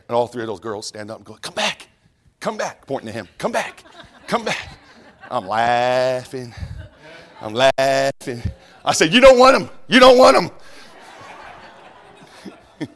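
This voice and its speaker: A middle-aged man preaching a sermon in church. He talks animated, mimicking voices and dropping into quiet asides. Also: mid-range voice. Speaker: pastor. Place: church sanctuary.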